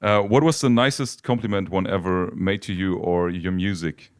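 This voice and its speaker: Deep-voiced male interviewer. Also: fairly even intonation, normal speed, clean tone, no room sound, studio quality. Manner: hesitant, searching for words. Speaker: radio interviewer. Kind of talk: radio interview.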